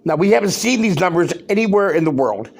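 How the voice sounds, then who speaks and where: A man's voice: high voice, lively intonation, quick pace, creaky, slightly rough. A man hosting a podcast, delivering worked-up, emphatic commentary and firing off rhetorical questions. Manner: loud, worked-up. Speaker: podcast host. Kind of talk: ranting commentary.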